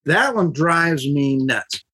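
A podcast host, a woman, talking in an excitable, rambling way and getting worked up. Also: low voice, slow, slightly rough. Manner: excitable, rambling, laughs often. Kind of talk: casual podcast chat.

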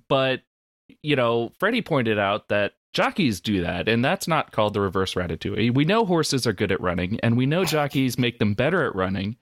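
A man with a mid-range voice talks through a goofy theory, his pitch bouncing around as he explains. He sounds close and dry, with no room echo. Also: normal speed. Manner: animated, explains with lots of "like" and restarts. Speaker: podcast co-host. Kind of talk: casual comedic chat.

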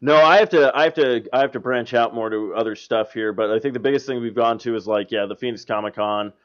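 A male podcast host riffing cheerfully and laughing along with his guest. His pitch sits in the middle. The recording sounds muffled and lo-fi. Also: fast. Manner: upbeat, jokey, laughs along. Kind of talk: casual podcast chat. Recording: dull lo-fi sound.

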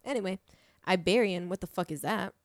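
A woman's voice: lowish voice, fairly quick, no room sound, studio quality. A young woman talking casually as a podcast guest, swearing freely and saying "like" a lot. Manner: chatty, swears freely, says "like" often. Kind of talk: casual chat. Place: small podcast studio.

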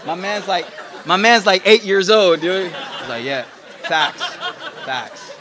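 A man's voice: high voice, unhurried, crowd noise. A man, likely in his late twenties or thirties, giving a casual motivational talk to an audience, telling funny stories and acting out other people's voices. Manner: animated storytelling with jokes and quoted voices.

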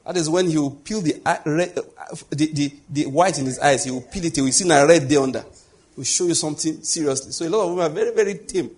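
A man's voice: a little high, quick pace, husky. A man preaching a conversational sermon as a pastor, full of rhetorical questions.

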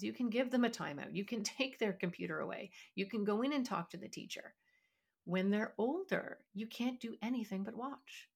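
A woman hosting a parenting podcast, talking earnestly and with emphasis, now and then acting out what a parent or child might say. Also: medium pitch. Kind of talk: solo podcast teaching talk.

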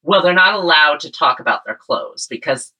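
A woman co-hosting a casual podcast and speaking as a speech and debate coach. Her voice sits low but moves a lot, and it has a bright, forceful tone. She gives her opinions in a plain, matter-of-fact way. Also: expressive, moderate pace, muffled recording. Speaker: podcast co-host. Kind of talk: casual chat.

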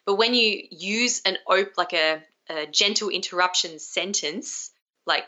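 A woman's voice: on the low side, unhurried, sharp tone, lo-fi sound. A young adult woman, a communication skills coach, being interviewed over a video call, talking energetically and acting out example phrases.

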